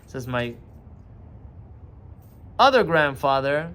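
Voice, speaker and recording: A man's voice: mid-range voice, expressive, unhurried, long pauses, a bit bright. A man, a rabbi, giving a short morning sermon and patiently retelling a parable in plain, explanatory words.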